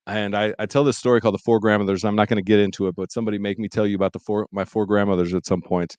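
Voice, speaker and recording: A man's voice: fairly low pitch, little pitch movement, racing, darkish tone, clear, resonant tone, no echo. A man hosting a podcast in casual chat, telling reflective stories about family cooking with enthusiasm. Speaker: podcast host and chef.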